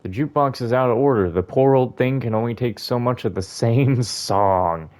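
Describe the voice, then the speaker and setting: A man's voice: mid-range voice, moderate pace, a little mellow. A young man giving chatty, rambling commentary while playing a video game. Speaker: gaming YouTuber. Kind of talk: casual let's-play commentary.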